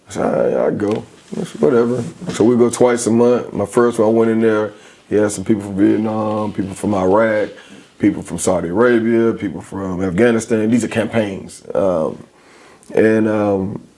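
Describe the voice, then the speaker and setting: Emphatic man telling stories as a guest. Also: on the low side. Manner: emphatic, animated storytelling. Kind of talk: casual interview conversation.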